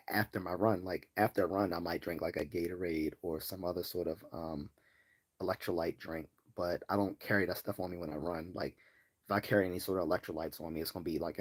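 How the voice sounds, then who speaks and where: Man, very low voice, from Baltimore, livestream host, rambling chat with fillers. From Baltimore, US East Coast. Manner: rambling, many fillers and restarts, laughs easily. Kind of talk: casual live-stream chat.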